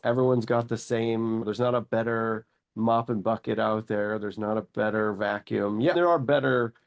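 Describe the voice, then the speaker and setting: Low gravelly-voiced man in his forties. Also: normal speed. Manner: lively anecdotes, acts out his own thoughts in quotes. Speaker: company CEO, guest. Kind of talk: casual interview storytelling.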